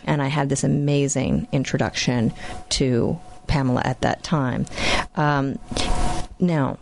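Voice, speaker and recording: A woman's voice: very deep voice, unhurried, gravelly, background noise. A woman in her thirties hosting a podcast, telling a personal story in an earnest, conversational way with frequent fillers. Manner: earnest, recounting events with many fillers. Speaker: podcast host.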